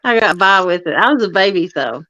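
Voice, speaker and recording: A woman's voice: on the low side, expressive, brisk, pushed and bright, no room sound. A woman joins a casual chat and tells a short story in a plain, wry way. Her voice comes through dull and lo-fi, with a dry sound and no room around it.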